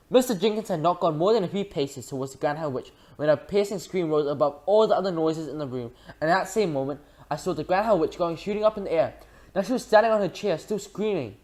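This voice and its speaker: A reader narrating a children's book aloud in a lively way, with frequent slips and restarts. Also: medium pitch.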